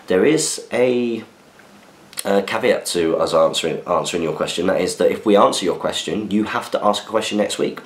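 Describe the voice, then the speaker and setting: Male podcast host, chatty and easygoing, deeper voice, answers listener mail, echoey room sound. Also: normal speed. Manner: chatty, reads listener messages aloud with asides. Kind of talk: casual chat. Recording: roomy echo.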